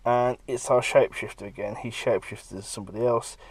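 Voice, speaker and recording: A man's voice: medium pitch, steady tone, fast, husky, no room sound. A man, a comic artist, rambling casually through his pages and acting out bits of the dialogue.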